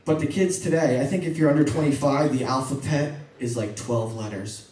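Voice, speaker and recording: A male stand-up comedian on a comedy club stage, doing his routine in an animated way and jumping into high mock voices. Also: a little fast. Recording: echoey club from far off. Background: audience laughter.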